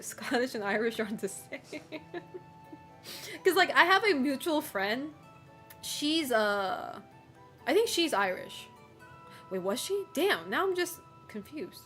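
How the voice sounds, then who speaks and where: A woman's voice: a little high, fairly bright tone. Giggly, rambling woman streamer. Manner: rambling, giggly, lots of fillers. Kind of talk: casual chat with stream viewers.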